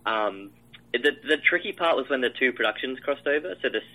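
A man's voice: medium pitch, lively intonation, a little fast, bright, forceful tone, poor audio. A man, a film director, describing his shoot in a casual interview, rambling with many fillers and restarts.

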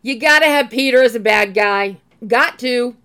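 A woman's voice: fairly high pitch, normal speed, sharp tone, clear, resonant tone. A woman interviewing a film director, asking enthusiastic, appreciative questions.

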